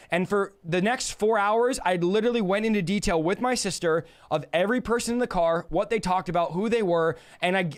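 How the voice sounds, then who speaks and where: A man with a notably high speaking voice tells his faith testimony as a story. He is animated and slips into the voices of the people he quotes. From California. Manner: animated, acts out quoted dialogue. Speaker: guest sharing a testimony.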